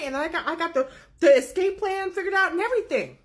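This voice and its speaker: A woman telling a wild personal story in a casual, profane, animated way, laughing as she goes. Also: very high-pitched, fast.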